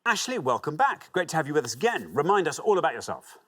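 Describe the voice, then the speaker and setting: A man's voice: fairly high pitch, very animated, quick pace, a bit bright. A man hosting a TV quiz show, reading clues and teasing contestants in a playful way. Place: TV studio.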